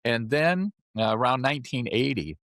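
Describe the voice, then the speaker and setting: A man in his seventies, a podcast guest, telling his life story in a chatty, animated way and often checking in with "right?". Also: mid-range voice, moderate pace, dry recording, clean studio sound. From California. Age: 70s. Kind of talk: casual storytelling interview.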